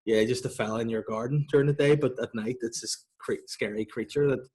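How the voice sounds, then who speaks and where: A man's voice: medium pitch, fairly even intonation, fast talker, a little mellow. A man co-hosting a comedy podcast, chatting casually, laughing often and slipping into silly voices. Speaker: podcast co-host.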